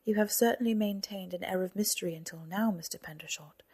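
Lady doing a worn-out captive councillor lady, low-key and sarcastic, breathy. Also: fast talker, natural voice. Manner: quiet, restrained and dryly sarcastic. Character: weary woman councillor held prisoner, guarded and dry.

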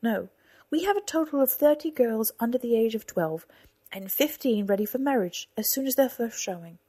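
A woman voicing a domineering, arrogant male fort leader who blusters and shouts scornfully, in a storybook reading. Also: on the high side, normal speed, voice pushed up, close to an everyday voice. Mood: boastful.

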